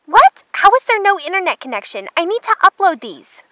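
A woman voicing a fussy, excitable young city girl on a trail ride, in a toy horse drama. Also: extremely high pitch, brisk, no echo, pitched above the performer's own voice, heavily acted. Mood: whiny. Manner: whiny, excitable.

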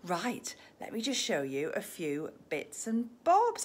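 A woman hosting a live-streamed shop tour. She is chatty and gushing, sometimes dropping to a hushed near-whisper, and speaks into a handheld phone in an indoor shop. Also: fairly high pitch, big pitch swings, normal speed, hardly any pauses, husky. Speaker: shop host. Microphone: phone camera held in hand.

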